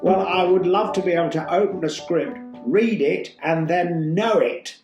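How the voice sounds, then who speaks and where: Older male stage actor from Yorkshire, theatrical storyteller in a roomy space with soft music under. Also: high voice, normal speed, muffled recording. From Yorkshire, England. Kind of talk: casual interview storytelling. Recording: roomy echo, faint music.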